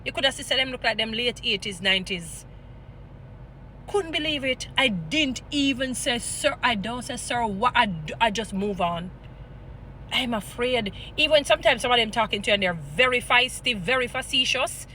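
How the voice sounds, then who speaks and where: A Jamaican woman vlogging, scolding and preaching in an animated mix of patois and English, weaving in Bible stories. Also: a little high, moderate pace, slight background noise. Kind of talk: impassioned commentary with Bible stories.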